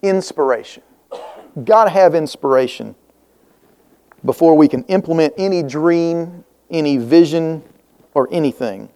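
High-voiced male pastor preaching. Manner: preaching with rising emphasis and rhetorical questions; drops to soft, slow reflection in personal parts. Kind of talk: sermon.

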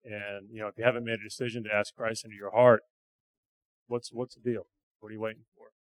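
A man sharing stories from a church mission trip in a halting, earnest way. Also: fairly low pitch, level tone, poor audio. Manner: halting, repeats words, earnest. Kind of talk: casual testimony talk.

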